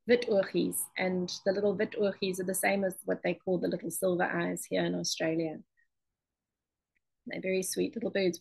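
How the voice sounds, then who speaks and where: Gravelly woman presenting. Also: fairly low pitch, low-quality recording. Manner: chatty, loose, with many ums and restarts. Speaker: ceramic and mosaic artist presenting her work. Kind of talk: presentation talk.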